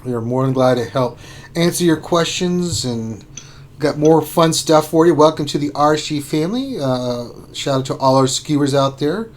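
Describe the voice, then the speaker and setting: A man hosting a casual gaming livestream, playful and excitable, teasing his co-host. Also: a little high, moderate pace.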